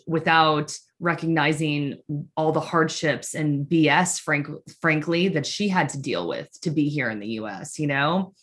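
Chatty woman with a lower voice telling stories, lots of likes and you knows. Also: normal speed. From United States. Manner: chatty, animated storytelling full of "like" and "you know". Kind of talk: casual conversation.

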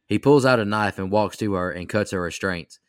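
A man with a fairly low voice reads through a movie's plot in brisk, even steps. It is a podcast-style recap. The sound is dry with no room to it. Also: smooth, no echo.

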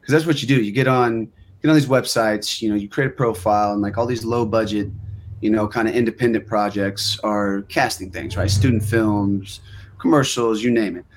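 A young male guest actor telling lively anecdotes in a relaxed podcast chat. His voice sits fairly low, and he acts out other people's lines as he goes. A faint hiss runs underneath. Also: moderate pace. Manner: animated storyteller acting out quotes.

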